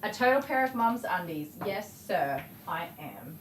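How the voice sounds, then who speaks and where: Working in an indoor grooming room, a chatty Australian dog groomer tells stories to her livestream audience, laughing and performing the voices of people in her anecdotes. Her voice is on the low side and her pace measured. There's a roomy echo, plus the faint buzz of electric clippers.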